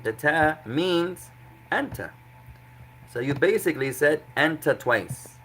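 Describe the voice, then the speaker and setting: Man, teacher running a grammar class, patient and repetitive, bright voice, faint hum behind. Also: fairly high pitch, expressive, slow, low-quality recording. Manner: explains patiently with repeated examples. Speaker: Arabic teacher.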